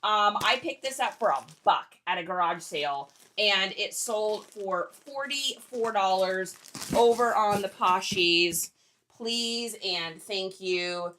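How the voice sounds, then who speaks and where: A woman's voice: mid-range voice, slow, pushed and bright, a little hiss or hum. A young woman hosting a casual reselling livestream, chatting and joking with viewers while packing orders. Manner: chatty, joking, reads viewer comments aloud.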